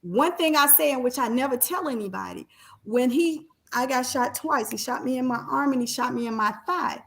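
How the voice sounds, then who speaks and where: A woman's voice: high-pitched, animated, normal speed, vocal fry, fairly bright tone. A woman speaking in a faith-filled testimony talk, emphatic and repeating phrases for weight.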